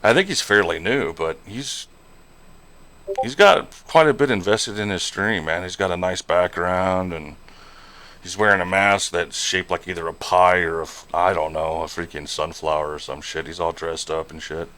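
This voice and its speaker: A man's voice: deep voice, normal speed, bright, forceful tone. A man streaming a trucking game and chatting casually, rambling along with lots of fillers and "you know". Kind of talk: casual live-stream chat while gaming.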